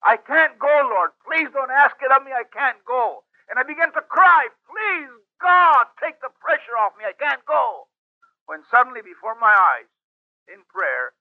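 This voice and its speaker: Very high-voiced man, impassioned testimony. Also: no room sound. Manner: emotional, pleading, acts out his own past prayers. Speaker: preacher giving a personal testimony. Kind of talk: dramatic spoken testimony. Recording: dull lo-fi dry recording.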